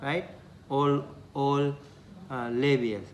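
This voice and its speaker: A man's voice: medium pitch, steady tone, very slow, highs cut off, slight background noise. A man teaching a classroom language lesson, patiently repeating syllables for his students.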